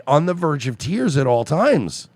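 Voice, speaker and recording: A man co-hosting a comedy podcast in a middle register whose pitch swings widely. He rambles through crude banter, stopping and restarting his sentences. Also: sing-song, a little slow, a crowd in the background. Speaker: podcast co-host.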